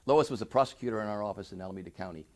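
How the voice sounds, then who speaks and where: A middle-aged man giving an oral history interview, speaking earnestly with many halting restarts. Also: fairly low pitch, darkish tone. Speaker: interviewee, victim services director.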